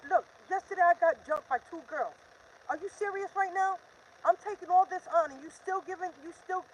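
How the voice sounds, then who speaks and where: A woman's voice: very high voice, slight background noise, low-quality recording. An older woman hosting a live stream, talking in an urgent, defiant, repetitive rant. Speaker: livestream host.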